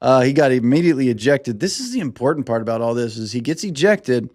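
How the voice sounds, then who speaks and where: Profane, animated male podcast host. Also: mid-range voice, no room sound, clean studio sound. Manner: animated, profane, acts out players in quick put-on voices. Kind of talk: casual sports commentary.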